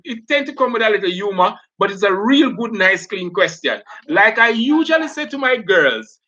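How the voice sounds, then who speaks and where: A man's voice: high-pitched, sharp tone. A male teacher giving a live online class, chatty, laughing often and calling students by name. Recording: dull lo-fi sound.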